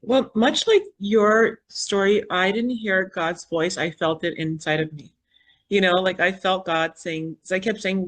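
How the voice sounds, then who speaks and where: A woman in her fifties speaks as a podcast guest, telling her story with animated energy. She acts out quoted dialogue and her own inner thoughts, and her tone is earnest and spiritual. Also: lowish voice, moderate pace. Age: 50s. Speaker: podcast guest, foundation founder. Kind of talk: personal storytelling in an interview.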